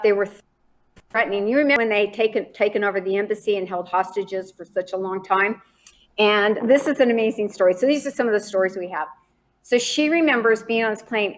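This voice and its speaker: A woman guest on a podcast, telling a story in an animated, dramatic way. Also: medium pitch.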